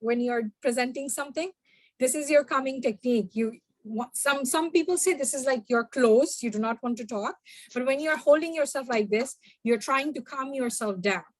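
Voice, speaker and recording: Fast-talking woman workshop speaker. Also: sits high, no echo. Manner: animated, addresses the audience directly. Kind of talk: workshop talk mixing two languages.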